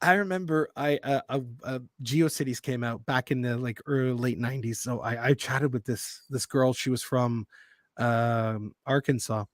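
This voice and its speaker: A man from Quebec co-hosting a casual live stream, excitedly reading out where viewers are from. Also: mid-range voice, moderate pace, no room sound, clean studio sound. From Quebec, Canada. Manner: excitable, reads out viewer locations. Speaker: co-host.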